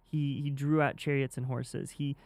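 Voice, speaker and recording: A man on a faith podcast, speaking reflectively and haltingly, often repeating words as he thinks. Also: mid-range voice, little pitch movement, a little mellow, no room sound. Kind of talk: casual faith podcast chat.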